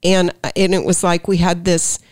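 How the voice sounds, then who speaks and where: A woman's voice: fairly low pitch, little pitch movement, moderate pace, darkish tone, no echo, studio quality. A woman earnestly sharing a heartfelt personal testimony on a faith talk show.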